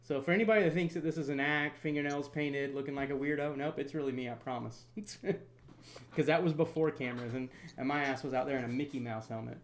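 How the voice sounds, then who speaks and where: A man in his thirties from North Florida hosting a casual storm-chasing livestream, chatty and quick to laugh while reading viewer comments. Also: medium pitch, steady tone. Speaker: storm chaser livestream host.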